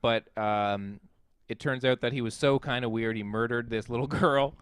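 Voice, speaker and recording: A man hosting a casual film review chat, animated and profane, acting out quotes from scenes. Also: medium pitch, normal speed, clean tone, no room sound, clean studio sound. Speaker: podcast host, film reviewer.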